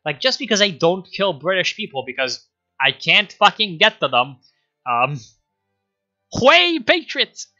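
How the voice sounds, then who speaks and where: Excitable, bright-voiced male game streamer. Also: on the high side, highs cut off, faint music behind. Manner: excitable, swearing, quick to laugh. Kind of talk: live-streamed strategy game commentary.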